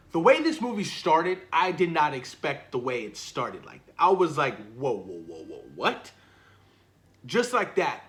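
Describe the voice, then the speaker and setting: A man talking casually and excitedly about a film he loved, swearing often and repeating himself as he gets carried away. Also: fairly high pitch. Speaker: movie reviewer. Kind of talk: casual spoiler talk.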